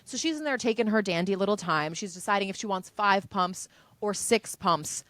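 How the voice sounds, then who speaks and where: A woman's voice: mid-range voice, normal speed, a bit bright, no room sound. A woman co-hosting a comedy podcast, telling chatty stories in a casual chat and acting out what people said. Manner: chatty storyteller, acts out quotes. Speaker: podcast co-host. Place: home room.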